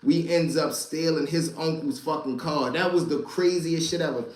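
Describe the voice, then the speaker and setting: A man telling street stories to a live chat, animated and profane, talking straight to his listeners as y'all. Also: on the high side, moderate pace, echoey room. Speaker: storyteller and stream host.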